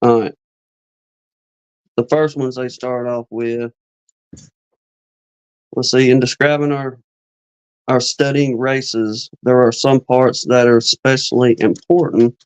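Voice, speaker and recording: A man's voice: medium pitch, little pitch movement, smooth, no room sound, rough recording. A man hosting a live chat, reading an old beekeeping text aloud, tripping over words and adding casual asides. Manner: reads slowly, stumbles on words and adds asides.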